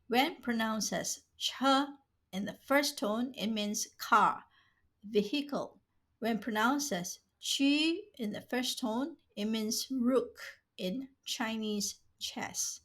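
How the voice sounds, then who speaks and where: A woman slowly reading out vocabulary as a teacher, saying each word twice and then giving short meanings. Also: fairly high pitch, fairly bright tone. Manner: slow, careful, says each word twice. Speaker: language teacher. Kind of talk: slow vocabulary drill, reading words and glosses.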